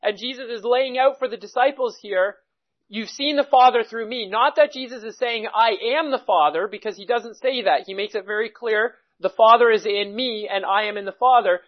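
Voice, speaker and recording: A man preaching a sermon, teaching at a measured pace and reading scripture passages aloud. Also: high voice, muffled recording.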